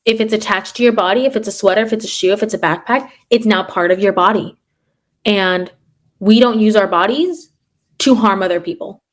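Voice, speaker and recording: A woman's voice: mid-range voice, brisk. Sarcastic woman telling teacher stories. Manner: sarcastic, animated storyteller acting out classroom quotes. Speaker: podcast host and third grade teacher. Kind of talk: casual chat.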